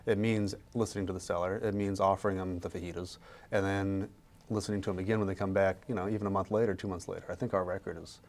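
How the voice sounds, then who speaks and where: On a podcast, a man with a lowish voice talks real estate at a brisk clip. The talk stays casual, though he gets animated when acting out sales pitches to sellers.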